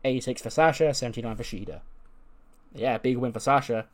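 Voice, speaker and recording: A man's voice: medium pitch, brisk. A man, casually recapping events as a podcast host, swearing freely and retelling what characters said. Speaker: podcast host recapping a wrestling game playthrough. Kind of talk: casual chat.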